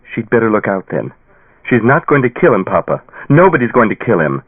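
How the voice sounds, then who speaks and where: A man's voice: sing-song, a little fast, no room sound. A man voicing an upset, stubborn teenage daughter in an audiobook, tearful and defiant. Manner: tearful, defiant and high-pitched. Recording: tinny phone-like dry sound.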